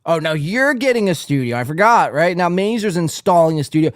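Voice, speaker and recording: A man's voice: on the high side, very animated, a little fast, few pauses, no room sound, clean studio sound. A young man hosting a podcast in casual chat, brash, teasing and profane. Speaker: podcast host.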